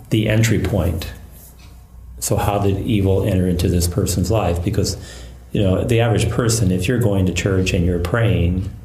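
A man who is a Catholic priest and exorcist, calmly recounting a case in an interview. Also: deep voice. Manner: calm, measured storytelling. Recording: echoey room.

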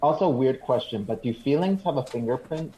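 A man's voice: mid-range voice, animated, fairly quick, dark tone. A man playing a tabletop role-playing game, rambling in joking asides. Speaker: player. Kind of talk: casual tabletop role-play. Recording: dull lo-fi mic.

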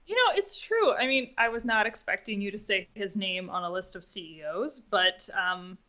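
A woman co-hosting an investing podcast in casual chat, eager and quick to jump in. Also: mid-range voice, expressive, bright, forceful tone. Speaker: podcast co-host. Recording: dull lo-fi sound.

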